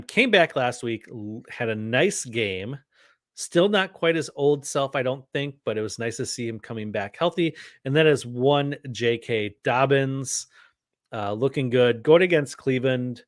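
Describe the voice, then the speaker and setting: A man's voice: mid-range voice, no echo, studio quality. A man co-hosting a casual podcast, easygoing and running the segments with plenty of fillers. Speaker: podcast co-host.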